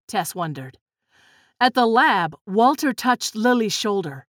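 A woman narrating a children's storybook in a steady, clear reading voice. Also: on the high side, measured pace, no echo, clean studio sound. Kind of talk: children's storybook read-aloud.

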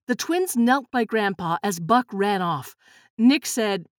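A woman narrating a children's storybook in a steady, clear reading voice. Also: mid-range voice, moderate pace, dry recording, clean studio sound. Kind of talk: children's storybook read-aloud.

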